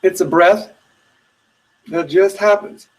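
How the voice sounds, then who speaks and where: A man teaching meditation in a webinar, giving slow, soothing guided instructions with long pauses. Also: high-pitched, recorded from a distance, poor audio.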